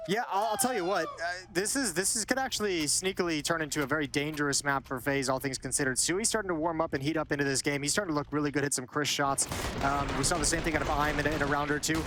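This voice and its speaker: A man giving analytical color commentary on a match, chatty and quick, often repeating words as he thinks. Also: a little high. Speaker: esports commentator. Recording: esports broadcast with clear background noise.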